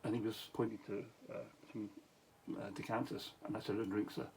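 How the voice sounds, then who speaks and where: Casting note: tired, middle-aged Scottish man, lowish voice, rambling anecdote with restarts and chuckles, faint hiss behind. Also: little pitch movement, brisk, low-quality recording. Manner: meandering, many restarts and asides, chuckles. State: tired, late at night. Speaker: vlogger, former police officer. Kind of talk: rambling late-night storytelling.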